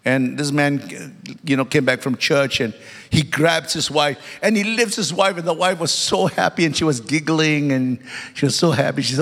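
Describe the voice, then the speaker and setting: A high-pitched male preacher delivers a sermon. He hammers key words twice and throws questions out to the congregation. The church's long reverb trails every phrase. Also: normal speed, fairly bright tone. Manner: emphatic, repeats key words, calls to the congregation; joking asides.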